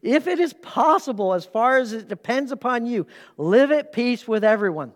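A man pastor preaching a sermon, emphatic, swinging between loud urgent lines and hushed asides. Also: very high voice, expressive, normal speed. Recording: hall reverb.

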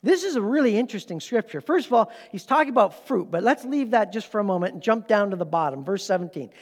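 Man, middle-aged, pastor, sermon, high voice, emphatic, conversational, reverberant hall. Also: animated, fast talker. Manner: emphatic, conversational, rising to strong stress. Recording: long reverb of a large hall.

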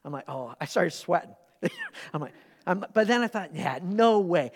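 A man preaching in a church, his voice carrying a long reverb through the large hall. He talks in an animated, conversational way, breaking off for quick asides and questions to the congregation. He tells personal stories from the pulpit. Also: sits high, husky. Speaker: pastor. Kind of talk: sermon with personal storytelling. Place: church sanctuary during a service.

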